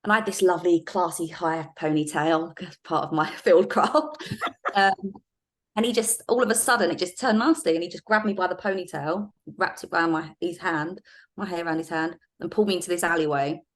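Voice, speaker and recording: A middle-aged woman in a podcast interview, telling anecdotes in a lively casual way with frequent laughs and fillers. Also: fairly low pitch, fairly quick. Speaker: guest, former undercover police officer.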